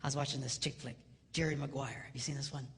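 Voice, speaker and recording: A middle-aged man giving a comedic marriage seminar, animated, acting out voices and dropping to a whisper for emphasis. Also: mid-range voice, quick pace, in a large hall, slight background noise. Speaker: seminar speaker.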